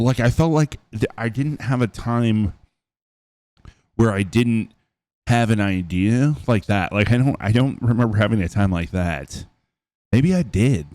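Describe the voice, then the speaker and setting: A young man with a very low voice gives reaction commentary, wandering and hesitant as he thinks out loud. The sound is dry and close, with no room around it. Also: dry recording. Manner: rambling, hesitant, thinks aloud. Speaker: reaction video host.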